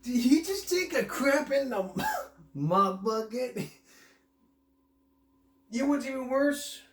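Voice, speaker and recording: A man's voice: extremely high pitch, lively intonation, slow, a bit bright, slight background noise. A man hosting a casual video commentary show, laughing constantly as he talks. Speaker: host. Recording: roomy echo.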